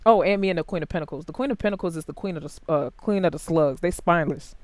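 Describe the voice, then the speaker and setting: A tarot reader giving a casual, blunt and heavily profane reading to camera, swinging between quiet asides and loud outbursts. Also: rapid-fire, no echo. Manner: big jumps in pitch and loudness.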